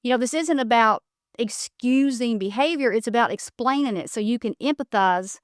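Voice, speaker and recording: Woman podcast host, smooth and clear, slightly high, blunt advice delivery, dry close mic. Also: normal speed, dry recording. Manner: direct, emphatic, gives blunt advice.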